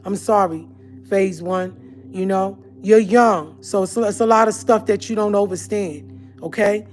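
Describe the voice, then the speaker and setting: Over soft background music, a woman on her own channel rants to viewers in a heated, confrontational live-stream monologue. Her medium-pitched voice is darkish in tone and unhurried.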